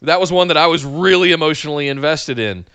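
A man's voice: on the high side, fast, vocal fry, fairly bright tone, clean tone, no room sound. A man co-hosting a casual podcast, reading listener questions and answering thoughtfully with some hesitation. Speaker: podcast co-host.

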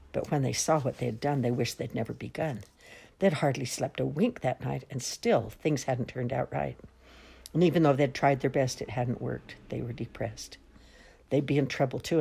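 A woman reads a rhyming picture book aloud in a lilting, rhythmic cadence. Her voice is strikingly low for a woman, with a gravelly fry and a husky edge throughout. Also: darkish tone. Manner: lilting, rhythmic verse reading. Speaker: storyteller.

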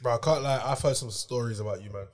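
A young man trading quick teasing banter among friends. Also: mid-range voice. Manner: teasing, quick, lively slang. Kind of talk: casual podcast banter.

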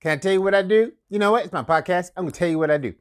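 A man with a high-pitched voice hosts a marketing podcast and coaches listeners on business. He talks in a lively, conversational way, chuckles often and hammers home catchphrases. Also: racing. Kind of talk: casual motivational talk.

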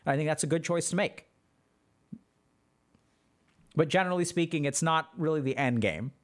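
Livestream host, man, casual and slangy, voice sits a bit high. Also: quick pace. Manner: relaxed, filler-heavy, explains with slang. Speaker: livestream host answering chat. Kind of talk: casual teaching chat.

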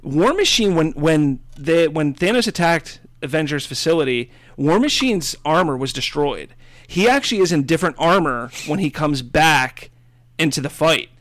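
A man's voice: a little high, lively intonation, moderate pace, a bit bright, no room sound. A man chatting casually in a movie review, enthusiastic and rambling, with many fillers and restarts. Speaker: movie podcast co-host.

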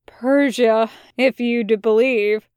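A woman's voice: a little high, steady tone, takes it slowly, a little mellow, smooth, dry recording, studio quality. A woman voicing a sardonic, laid-back male demon in a drawling, teasing manner.

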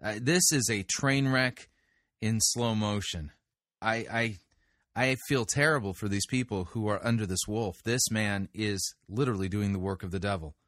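A man breaks into a sermon clip to critique it, exasperated and disapproving. His voice is bright and crisp, recorded dry and close with no room sound. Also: on the low side, normal speed, no room sound.

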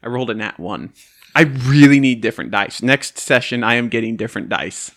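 A man's voice: medium pitch, brisk. A man narrating as game master in a casual tabletop role-playing session. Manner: relaxed, laughs at own dice rolls.

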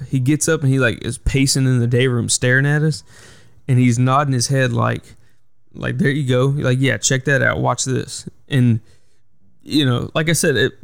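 A man's voice: mid-range voice, gravelly, clear, resonant tone, no echo, studio quality. A man hosting a solo podcast, telling a work story in a rambling way with lots of fillers. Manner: rambling, filler-heavy retelling. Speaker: podcast host. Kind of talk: casual storytelling monologue.

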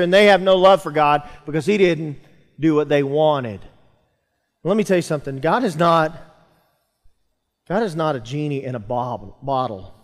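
A pastor preaches to his congregation in a church sanctuary, his voice a little high for a man. He builds emphasis and calls out to the room, and the sound carries a long hall reverb.

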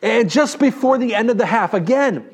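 A man in his thirties with a New York accent, preaching a sermon and telling a story in an animated way, often checking in with the congregation. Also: extremely high pitch, moderate pace, husky. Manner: animated, talks to the audience with "right?". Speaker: pastor.

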